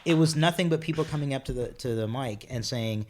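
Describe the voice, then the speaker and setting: A man's voice: medium pitch, fairly quick, darkish tone, slight background noise. A man who is a guest on a gaming podcast, talking loosely and telling anecdotes in casual chat.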